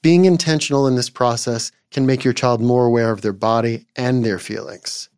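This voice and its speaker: A male psychologist hosting a podcast, giving scripted parenting advice in a calm, measured, gently instructive way. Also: medium pitch, clear, resonant tone, no echo, studio quality.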